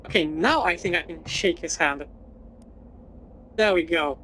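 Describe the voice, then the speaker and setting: A woman's voice: fairly low pitch, measured pace, long pauses, a bit bright, slight background noise, rough recording. A woman playing a video game, reading its text aloud and adding dry remarks. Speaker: gaming channel host.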